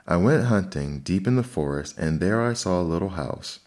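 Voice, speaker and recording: A man doing a deep-voiced chatty king. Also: expressive, moderate pace, a little mellow. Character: chatty king telling a hunting tale.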